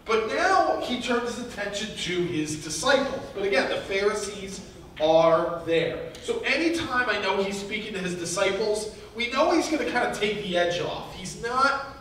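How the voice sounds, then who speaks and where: High-voiced pastor in an echoey hall. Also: male voice, expressive, moderate pace, fairly bright tone. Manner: conversational, rambling with fillers and restarts, chuckles while telling a joke. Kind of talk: casual sermon. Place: church hall. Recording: echoey hall from far off, faint noise.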